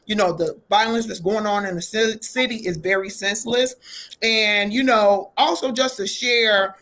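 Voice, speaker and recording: A woman's voice: medium pitch, a bit bright. A woman hosting a faith-based talk show, greeting her guests and affirming them with an "amen.".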